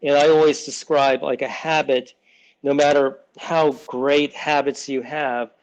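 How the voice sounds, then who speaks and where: A man's voice: mid-range voice, level tone, a little slow, low-quality recording. A man in his sixties, a children's author, talking through his ideas in a loose, rambling way, often restarting sentences and briefly acting out relatives' voices. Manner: rambling, many restarts, acts out family voices. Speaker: children's book author, guest. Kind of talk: casual interview talk.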